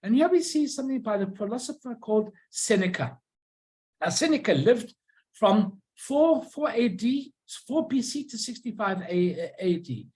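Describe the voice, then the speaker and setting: Telling anecdotes and frequently searching for words, a middle-aged woman delivers a casual illustrated talk about postcards. Her voice is fairly high and mellow with big pitch swings, captured in poor audio.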